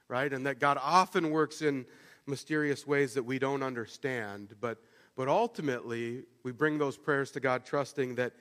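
A man's voice: medium pitch, fairly bright tone, long reverb tail. A male pastor giving a conversational sermon, often restarting phrases with fillers and repeated words.

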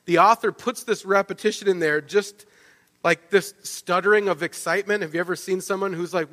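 A man preaching a sermon, telling the story in a lively way and often checking in with "right?". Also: high voice, normal speed. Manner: animated storytelling, with frequent restarts and "right?" asides. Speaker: pastor. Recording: long reverb of a large hall.

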